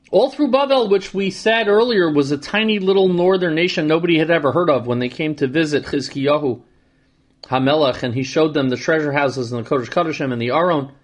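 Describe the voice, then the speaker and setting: Male Torah teacher, slightly high voice, explains verse by verse with dry humor. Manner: reads Hebrew verses then translates and explains, wry asides. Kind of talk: verse-by-verse scripture lesson.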